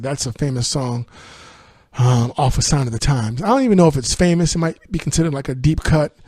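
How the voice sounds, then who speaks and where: A man doing a relaxed music-podcast host, walking through an album track by track in an easy, unscripted way. He sounds at a middle pitch and slips into quick asides with a laugh. The sound is dry and close, with no room around it. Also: no room sound. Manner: sings lyric snippets, laughs often, speeds up on asides. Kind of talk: casual album review with sung lyrics.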